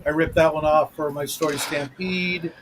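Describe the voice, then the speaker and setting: A man with a slightly raised pitch chats on a livestream, halting over his words with plenty of fillers. He cuts in with dry quips, and there is faint background noise on his line. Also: steady tone, fairly bright tone. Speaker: co-host, story writer. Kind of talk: casual livestream chat.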